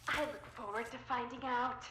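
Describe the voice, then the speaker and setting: A woman voicing a sinister, murderous teacher monster in a horror game, with a gravelly, taunting voice heard faintly from afar. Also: on the high side, fairly even intonation, moderate pace, sharp tone, poor audio. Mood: menacing. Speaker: game character.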